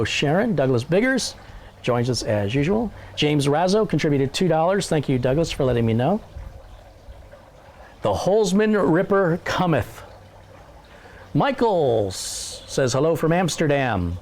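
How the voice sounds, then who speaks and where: Man, live-stream host, casual chat, reads viewer messages aloud, joking, somewhat high voice. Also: big pitch swings, normal speed, a little mellow. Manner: self-deprecating joking.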